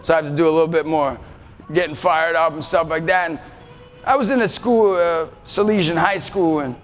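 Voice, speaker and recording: A male motivational speaker giving an energetic talk to students, often shouting to rally them. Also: a little high, fairly quick. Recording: reverberant hall, faint music behind.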